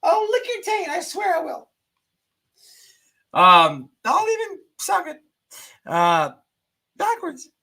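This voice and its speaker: A man's voice: huge pitch swings, takes it slowly, creaky, pauses often, pushed and bright, heavily acted. A man shrieking as a desperate sobbing woman. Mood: desperate wailing. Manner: shrill, wailing, crude pleading.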